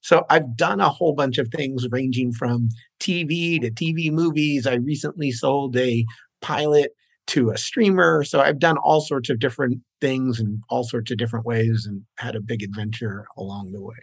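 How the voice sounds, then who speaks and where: A man's voice: mid-range voice, moderate pace, slightly rough, no room sound. Middle-aged man, easygoing interview guest, self-deprecating, mid-range voice, dry close sound. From New York, raised in New Jersey. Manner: genial, self-deprecating, with frequent uh fillers. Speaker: guest screenwriter. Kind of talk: casual interview.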